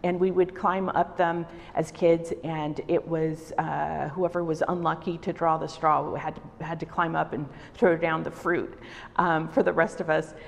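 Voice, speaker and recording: Recorded in a reverberant art exhibition hall, this interview features a middle-aged El Salvador–born wood-carving artist telling reflective personal stories. Her low-pitched voice is gravelly and level, moving a little slowly.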